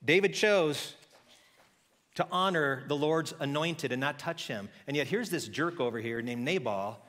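A man preaching a sermon as pastor, telling a story in a lively conversational way and acting out the characters' voices. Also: a little high, measured pace, long reverb tail. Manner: conversational with frequent restarts.

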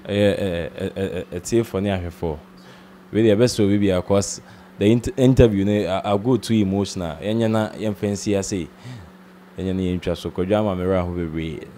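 A man's voice: low voice, fairly even intonation, fairly quick, mellow, a little hiss or hum. A man with a Ghanaian accent hosting an interview, mixing in English and urging viewers to subscribe. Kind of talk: casual interview talk.

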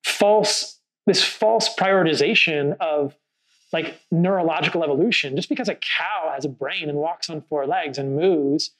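A man's voice: a little high, normal speed, crowd noise, low-quality recording. A man hosting a casual podcast conversation, talking earnestly and thoughtfully, telling a story with frequent fillers. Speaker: podcast host.

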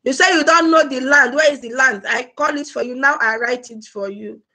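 A woman's voice: sits high, moderate pace, pushed and bright. A woman hosting a casual live stream, chatty and laughing often as she greets viewers by name. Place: home in Germany.

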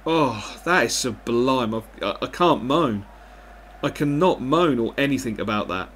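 A young man giving animated live commentary over a football video game, swinging between excitement and frustration and swearing often. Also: medium pitch, measured pace, slight background noise. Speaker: gaming commentator.

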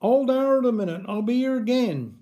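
A man reading a dialect story, voicing a bossy, determined village mother in brisk speech. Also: on the high side, animated, dark tone, close to an everyday voice.

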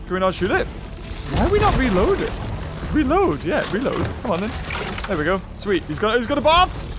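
A young man hosting let's-play commentary, excitable and full of exclamations. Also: high voice, normal speed. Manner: excitable, frequent exclamations and laughs. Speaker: gaming channel host. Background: game music.

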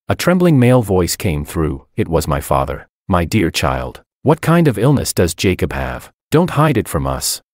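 Brief: male storyteller, deep voice, wide expressive range, dry close sound. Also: dry recording. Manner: emotional, earnest storytelling. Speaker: narrator. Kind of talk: scripted first-person story narration.

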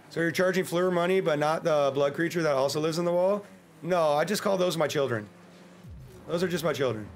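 An American man streaming a game, chatting casually in a joking, rambling way and breaking into sudden excited yelps. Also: fairly high pitch, slight background noise. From United States. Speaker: livestreamer. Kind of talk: casual gameplay livestream commentary.

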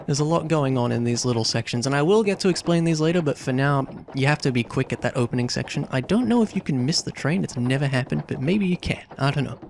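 A man hosting a let's play, chatting casually and hesitantly while he plays a story game. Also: a little high.

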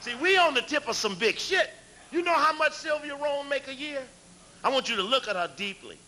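Man, fiery lecture, high lively voice, bright tone. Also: fairly quick. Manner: preacherly, call-and-response, raises voice to shout.

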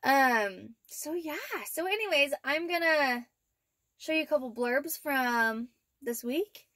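A young woman with a high, light voice chats through a casual vlog update, rambling with plenty of fillers and little laughs. The sound is close and dry, with no room echo. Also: slow, pushed and bright. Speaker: vlogger. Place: inside her camper van.

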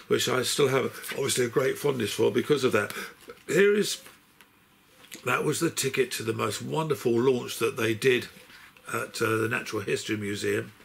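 An older man who is unwell chats anecdotally while going through his box set, telling long rambling stories that he keeps stopping, restarting and correcting. His medium-pitched voice is gravelly with a fairly bright tone, and a little hiss or hum sits in the recording.

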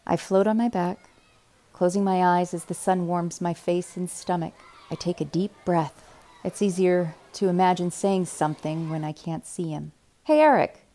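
Woman, lowish voice, quiet measured reading, first-person novel narration. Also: fairly even intonation. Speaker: reader.

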